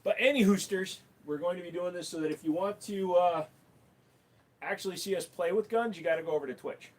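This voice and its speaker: Casting: male streamer with a higher-set voice, loose and joking, swears casually. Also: a little fast. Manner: playful, swings into silly put-on voices. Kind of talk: casual livestream chat.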